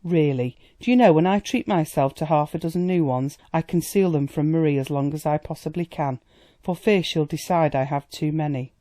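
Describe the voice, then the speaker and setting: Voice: medium pitch, normal speed, mellow, no echo, natural voice. A reader voicing a gushing society lady. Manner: chatty and amused, affectionate. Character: worldly society woman, indulgent and gushing.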